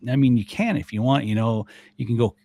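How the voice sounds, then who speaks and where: An older man, a guest on a podcast, talking casually and lively, mimicking sounds as he explains. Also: mid-range voice, brisk, dry recording. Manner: animated, mimics elk bugles and voices. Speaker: guest, elk calling expert.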